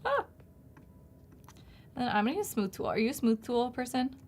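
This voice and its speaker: A woman's slightly high, sing-song voice moves at normal speed with a little mellowness, over slight background noise. As a livestream host and designer, she gives a casual live design demo, chatting, narrating each step, and laughing often.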